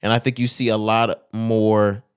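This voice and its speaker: A man co-hosting a podcast, talking casually in a blunt, profane, animated storytelling manner. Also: fairly low pitch, unhurried, smooth. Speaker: podcast co-host. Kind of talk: casual chat.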